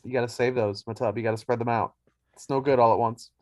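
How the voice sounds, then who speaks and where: A man's voice: medium pitch, steady tone, fast talker, a little mellow, no room sound. A man hosting a casual sports podcast, chatty and wry, poking fun at himself. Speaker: podcast host.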